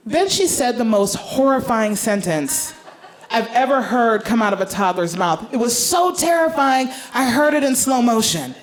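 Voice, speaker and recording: A woman's voice: a little high, expressive, moderate pace. A woman comedian telling a family story on stage in a stand-up set, with big swings between voices. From United States. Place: theater stage with live audience.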